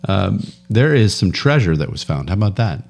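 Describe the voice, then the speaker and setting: This podcast co-host is a man with a low, sing-song voice, a darkish tone and vocal fry, speaking at normal speed. He rambles through news stories in casual banter, laughs often and trails off mid-sentence.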